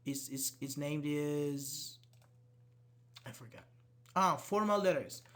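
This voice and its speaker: A man with a fairly high voice runs a casual online English lesson and answers questions from chat. He is not a native speaker, so his grammar is loose, and he repeats words as he looks for the next thought. He speaks straight to his students. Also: slow, a bit bright. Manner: casual, talks directly to students. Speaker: English teacher.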